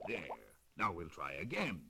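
Man doing a slow, sighing lonesome octopus. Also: sits low, huge pitch swings, heavy background noise, voice pushed down, exaggerated voice. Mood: gentle. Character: lonesome gentle male octopus, melancholy and kind.

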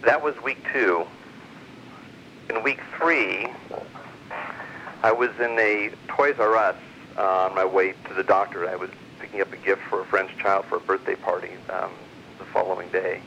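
A man's voice: low voice, fairly even intonation, moderate pace, long pauses, sharp tone. A middle-aged man telling a long personal story in a casual, rambling way, with many fillers and restarts. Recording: muffled lo-fi recording, faint hiss.

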